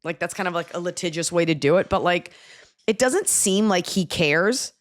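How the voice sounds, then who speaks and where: A woman in her forties hosts an advice podcast in a casual, self-mocking way. Her voice sits a little low. She slips into acted-out lines to show how a talk could go. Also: expressive, normal speed. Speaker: podcast host.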